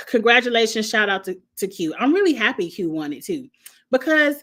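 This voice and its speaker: A woman's voice: fairly high pitch, very animated, moderate pace, a bit bright. Sassy blunt woman recapping a show. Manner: sassy, blunt, laughs at own jokes. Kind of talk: casual chat.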